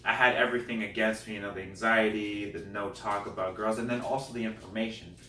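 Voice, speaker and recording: A man, a comedian guest, telling a personal story in an animated, self-deprecating way. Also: on the low side, fast. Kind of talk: comic storytelling. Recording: roomy, distant mic, faint noise.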